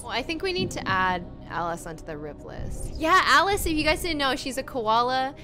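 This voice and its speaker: A woman streaming a game in casual chat, gushing and excitable, often breaking into laughter. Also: high-pitched, moderate pace, few pauses. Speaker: gaming streamer. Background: background music.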